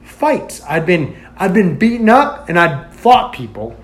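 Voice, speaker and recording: A man in casual chat, telling a story in an animated way, filling his talk with "like" and acting out what people said. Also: high-pitched, a little slow. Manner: animated storyteller, heavy use of "like", acts out quoted lines. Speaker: podcast guest telling a story.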